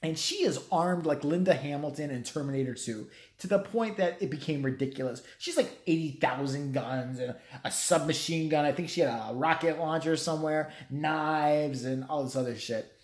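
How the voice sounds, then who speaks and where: A man's voice: a little high, moderate pace, hardly any pauses. A man giving a casual, rambling movie review, swearing freely and acting out characters' lines. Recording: echoey room.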